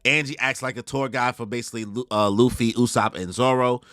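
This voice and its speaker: A man hosting a live manga reaction who talks in a casual, slangy, excitable way. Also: mid-range voice, brisk, dry recording, studio quality. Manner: slangy, excitable, goes off on tangents.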